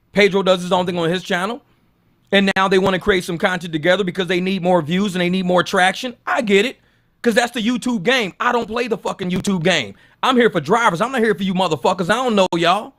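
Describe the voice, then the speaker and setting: A man ranting angrily on a gig-work commentary channel, swearing constantly and mocking others in put-on voices. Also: a bit bright. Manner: profane, heated, mocks others in squeaky voices.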